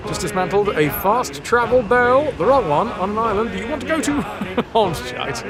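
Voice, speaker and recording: A man with a high, lively voice that jumps around a lot, chatting loosely and joking with viewers while he plays a game. His talk wanders playfully from one aside to the next, and game music plays clearly behind him. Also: moderate pace. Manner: playful, rambling, answering chat. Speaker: game streamer. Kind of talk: casual live-stream chat while gaming.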